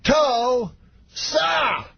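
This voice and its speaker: A man impersonating a booming older star comedian. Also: lively intonation, extremely slow, gravelly, pushed and bright, slightly rough, no echo, heavily acted. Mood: booming, showman. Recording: muffled radio line with hiss.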